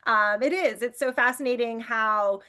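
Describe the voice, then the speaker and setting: A woman's voice: on the high side, normal speed, sharp tone. A woman curator hosting an interview over a video call, enthusiastic and personable. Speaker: museum curator, interview host. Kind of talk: hosted interview conversation.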